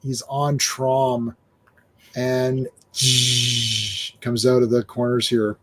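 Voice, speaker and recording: A man hosting a casual comic book chat, animated and often acting out dialogue. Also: mid-range voice, extremely slow, pauses often. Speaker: podcast host.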